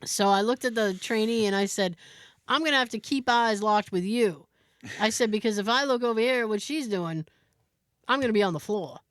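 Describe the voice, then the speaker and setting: A woman co-hosting a casual podcast, telling a story and doing the voices of the people in it. Her voice sits fairly high, and the sound is dry and close with no room around it. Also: a little fast, no room sound. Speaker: podcast co-host.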